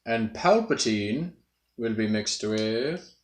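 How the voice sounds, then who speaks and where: A man's voice: fairly low pitch, expressive, slow. Laid-back man hosting in a roomy echo. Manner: laughing, self-amused. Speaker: host, voice impressionist. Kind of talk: casual chat.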